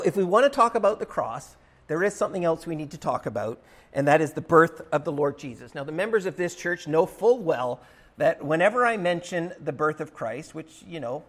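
A man preaching a sermon as pastor in a church, in an emphatic, conversational way with rising stresses. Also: high-pitched. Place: church sanctuary.

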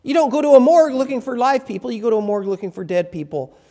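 Haughty heavenly angels, exasperated with foolish mortals and oozing attitude, as a preacher acts them out in a sermon. The voice swings widely in pitch, climbing high whenever they scold. It is a plain retelling, not a full character voice. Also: lively intonation, racing, warm tone, natural voice. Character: impatient, sarcastic heavenly angels.

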